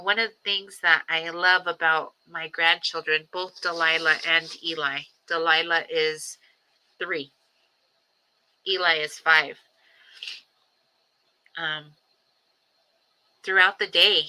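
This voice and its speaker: Grandmotherly woman with a bright voice. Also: fairly low pitch, rough recording. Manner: reflective, repetitive, many ums and pauses. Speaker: livestream host. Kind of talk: personal livestream talk. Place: home livestream.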